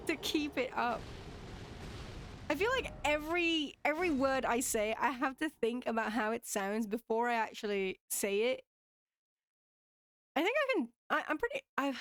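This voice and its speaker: A woman's voice: high voice, fairly bright tone, no echo. A British woman streaming live gameplay, playful and exclamatory, laughing often as she chats to viewers.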